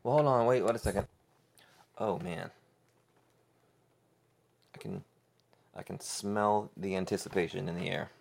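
A man hosting a podcast alone, rambling jokily with many pauses and restarts. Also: low voice, gravelly. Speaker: podcast host. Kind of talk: casual solo podcast chat.

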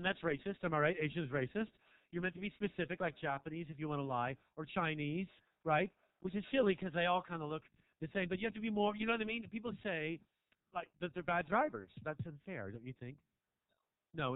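Here a stand-up comedian does crowd work in a small club, rambling provocatively and poking fun at the audience. His high-pitched voice comes through a handheld stage mic, with no echo and phone-quality sound.

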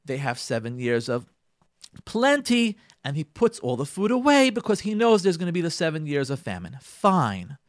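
A man giving a radio Torah talk, retelling a biblical story with dramatic emphasis and calling his listeners "ladies and gentlemen". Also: a little high, sing-song, moderate pace, dry recording, studio quality. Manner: repeats and restarts phrases for emphasis.

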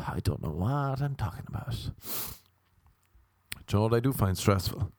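A man's voice: on the low side, expressive, normal speed, creaky, pauses often, a little mellow, no room sound. A man doing a casual comic monologue, rambling, profane and self-mocking.

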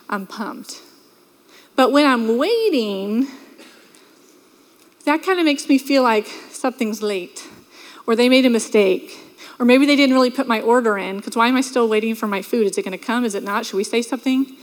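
A woman preaching a sermon in a church, telling stories and acting out quoted voices. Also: on the high side. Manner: lively storytelling with quoted voices. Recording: reverberant hall.

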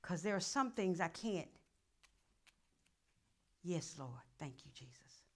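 A woman pastor, preaching a sermon that swings from murmured prayer to loud calls. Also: fairly low pitch, lively intonation, slow pace.

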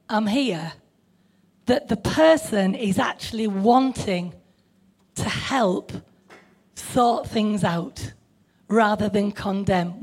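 A woman's voice: on the high side, gravelly. An older woman preaching an informal sermon, chatty, laughing often and putting questions to her listeners.

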